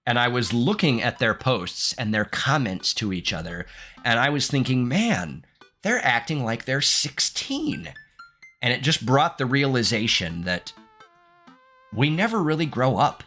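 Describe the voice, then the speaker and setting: A man in his thirties doing let's play commentary, reading game text aloud, animated and candid, laughing often. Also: mid-range voice, moderate pace, faint music behind. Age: 30s. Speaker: gaming streamer.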